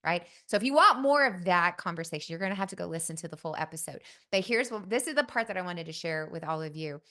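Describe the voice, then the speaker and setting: A woman's voice: fairly low pitch, animated, fast, sharp tone. A middle-aged woman hosting a podcast, telling a personal story in a casual, folksy way and often saying "y'all". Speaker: podcast host.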